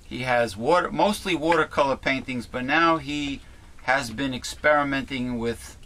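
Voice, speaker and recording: A man's voice: mid-range voice, normal speed, sharp tone. A man hosting a casual talk show, rambling and chatty, with many fillers and restarts. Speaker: host.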